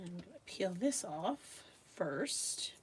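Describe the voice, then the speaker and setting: A woman's voice: fairly low pitch, big pitch swings, very slow, very noisy. Chatty woman from Long Island. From Long Island, New York. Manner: chatty, laughs often, talks while working. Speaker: host of a live craft stream. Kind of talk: casual live crafting demo.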